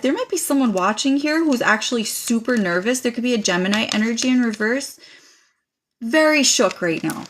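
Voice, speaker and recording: A woman's voice: on the high side, a bit bright, a little hiss or hum. A woman streaming a live tarot reading, chatting casually and dramatically, pouring thanks on her viewers. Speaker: livestream tarot reader.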